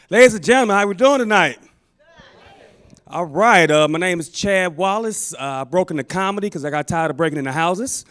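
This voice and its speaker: A man from St. Louis doing a stand-up comedy set on a club stage, animated and slipping into character voices. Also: a little high, smooth. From St. Louis, Missouri.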